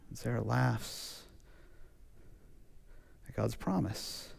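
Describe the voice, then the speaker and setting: A man preaching a sermon in a relaxed, conversational way, telling stories and acting out quotes. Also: mid-range voice, extremely slow, vocal fry. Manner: conversational, animated storytelling with acted quotes. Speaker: pastor. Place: church sanctuary. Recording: church hall reverb.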